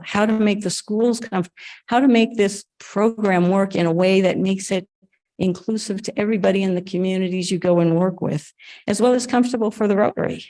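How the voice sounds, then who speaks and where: A woman's voice: medium pitch, dark tone, low-quality recording. Effusive woman speaking at a club event. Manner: earnest and effusive, with frequent restarts and laughs. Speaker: Rotary event interviewer. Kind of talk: emotional conversational talk at an event.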